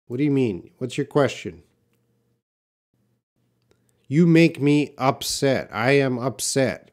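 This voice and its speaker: A man teaching English live, answering viewer questions one by one. He talks slowly and unhurriedly at a middle pitch, stopping to restart sentences and fill gaps as he works out each explanation. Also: a little mellow. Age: young adult. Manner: slow, patient explaining with restarts and fillers.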